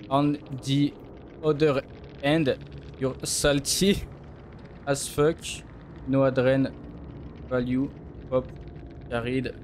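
A man's voice: medium pitch, a little mellow, slight background noise. A man, streaming a game live and mockingly teasing his opponents.

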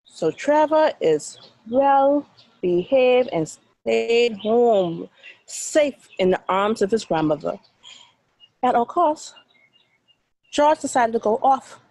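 A woman's voice: a little high, expressive, takes it slowly, gravelly, dark tone, low-quality recording. A Bahamian woman, a teacher, telling a dramatic story to children with sound effects and then asking questions.

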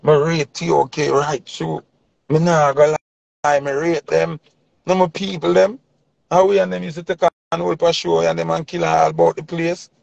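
A Jamaican man rants in thick patois, hammering his points over and over like a sermon. His voice sits a little high with a gravelly edge. The recording is dry and slightly muffled. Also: little pitch movement, moderate pace, darkish tone, dry recording. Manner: patois-heavy, preachy, repeating points for emphasis. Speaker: commentator. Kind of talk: impassioned opinion rant.

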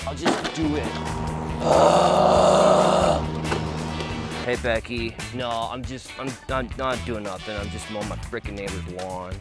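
A man plays a sullen teenage boy who mutters low and deep and lets his words fade away as he goes. He sounds whiny and put-upon, and every line comes out grudging. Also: steady tone, takes it slowly, long pauses, loud music behind the voice, lightly acted. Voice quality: mumbled, trailing off. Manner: grudging, whiny, self-pitying. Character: sulky mumbling teenage boy mowing lawns.

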